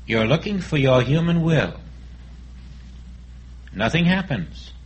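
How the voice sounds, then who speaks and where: A man giving a sermon as a spiritual teacher, speaking in a calm, reflective way and acting out inner dialogues. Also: a little high, slow, rough recording.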